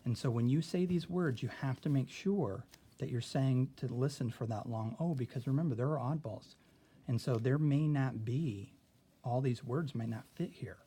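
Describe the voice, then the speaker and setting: A man's voice: medium pitch, moderate pace, dark tone, slightly rough. A male teacher talking students through a phonics word sort, patient and step by step, often checking in with "okay?". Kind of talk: classroom phonics lesson.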